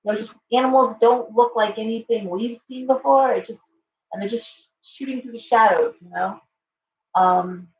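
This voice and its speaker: A woman hosting a live stream, rambling casually and greeting viewers by name. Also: mid-range voice. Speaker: shop owner and live show host. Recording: roomy, distant, dull lo-fi sound with faint hum.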